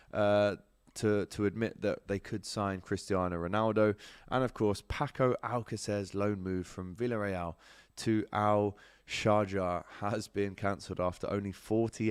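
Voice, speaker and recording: A man hosting a casual football transfer update in a smooth, lower-pitched voice. He is chatty and fills his talk with ums, speaking straight to viewers. The sound is close and dry. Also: dry recording. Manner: chatty, lots of ums, addresses viewers directly. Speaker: sports show host. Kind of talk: casual transfer news chat with viewer comments.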